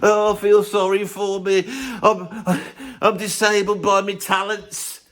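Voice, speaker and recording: A man mimicking a whiny, self-pitying male rock star in a mocking, drawn-out whine. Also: high-pitched, monotone, fairly bright tone, voice pushed up.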